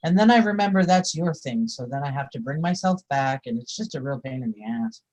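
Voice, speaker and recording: Lively, swearing woman guest. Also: rumbling low, fairly quick. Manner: animated, swears when riled. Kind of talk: casual chat.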